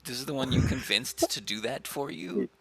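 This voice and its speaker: A man casually chatting while playing a game, playful and sometimes dropping into low whispers as he reads. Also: lively intonation, moderate pace, vocal fry, a bit bright. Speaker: game player. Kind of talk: casual let's-play chat and reading aloud.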